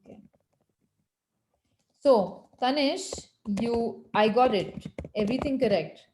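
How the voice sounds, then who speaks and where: A woman teaching French on a video call, patiently correcting students and slowing down to model phrases. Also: on the high side, animated, darkish tone, roomy sound, a little hiss or hum, rough recording. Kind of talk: online language lesson.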